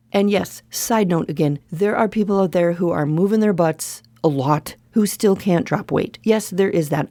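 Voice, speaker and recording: Candid middle-aged woman podcaster, mellow. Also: on the low side, no room sound. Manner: candid, emphatic, repeats points for stress. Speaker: podcast host. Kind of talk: solo podcast monologue.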